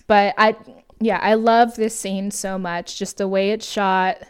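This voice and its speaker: A woman's voice: medium pitch, steady tone, unhurried, clear, resonant tone. A woman co-hosting a podcast, chatting casually about a film with lots of laughter, fillers and restarts. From United States. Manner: giggly, rambling with fillers and self-corrections. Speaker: podcast co-host. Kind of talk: casual chat recapping a film.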